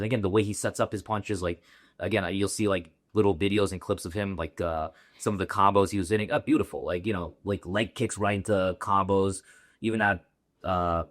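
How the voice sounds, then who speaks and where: Deep-voiced man talking fights fast. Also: fairly even intonation, no echo, studio quality. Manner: loose, rambling, heavy on fillers like "like". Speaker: co-host. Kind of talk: casual fight breakdown chat.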